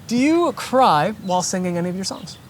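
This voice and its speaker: Interviewer, brisk and friendly, medium pitch, faint background hiss. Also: lively intonation. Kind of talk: casual quick-fire interview questions.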